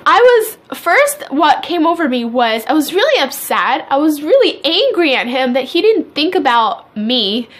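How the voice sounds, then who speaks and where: A young pregnant woman chatting to camera in a casual vlog, animated and laughing as she tells her stories. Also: high-pitched, normal speed, hardly any pauses. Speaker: pregnancy vlogger.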